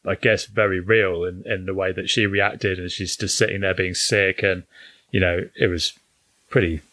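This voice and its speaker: A man's voice: sits low, level tone, moderate pace, sharp tone, no echo. A man casually recapping a film plot and quoting the characters, swearing now and then, on a podcast. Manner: retells scenes, swears casually. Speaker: podcast co-host. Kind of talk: casual film review chat.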